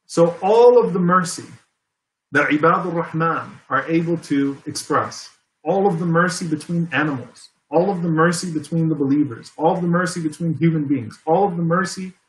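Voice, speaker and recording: A man giving an earnest religious lecture as a preacher, repeating key phrases for emphasis. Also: fairly high pitch. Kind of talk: Islamic lecture. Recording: echoey room.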